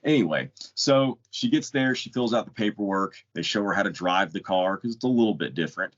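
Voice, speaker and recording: Deep-voiced blunt man on a lo-fi podcast. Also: expressive, a little fast, a bit bright. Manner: storytelling, blunt, rambling with restarts. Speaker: podcast co-host. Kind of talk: casual chat. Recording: dull lo-fi podcast audio.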